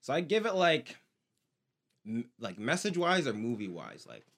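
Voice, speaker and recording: A man's voice: medium pitch, huge pitch swings, moderate pace, vocal fry, a bit bright. A young man co-hosting a podcast in casual chat, laid-back and mostly giving short replies. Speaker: podcast co-host.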